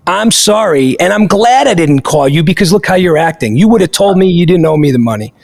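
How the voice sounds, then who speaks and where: A man with a high, gravelly voice hosts a podcast and tells a story casually. He talks in an animated, emphatic way and swears freely. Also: fairly quick, few pauses. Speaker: podcast host.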